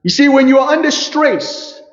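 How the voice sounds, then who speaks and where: A man's voice: extremely high pitch, animated, normal speed. A man preaching a sermon as pastor, emphatic, with rhetorical questions and a repeated "you see". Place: church hall. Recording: echoey church hall, dull lo-fi sound. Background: congregation calling out responses.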